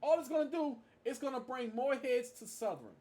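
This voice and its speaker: A man's voice: very high-pitched, expressive, moderate pace, warm tone. A man giving a casual tribute monologue, stressing his points by repeating them. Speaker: marching band fan vlogger.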